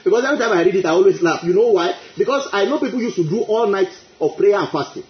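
A man's voice: high-pitched, expressive, fast. A male preacher delivering an emphatic sermon, repeating his phrases and breaking into exclamations of praise. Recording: echoey, dull lo-fi.

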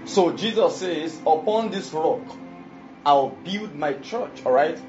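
Slow-paced and animated at medium pitch, this preacher's emphatic sermon is full of questions asking the audience if they follow. Music plays behind him, and the recording is dull and lo-fi.

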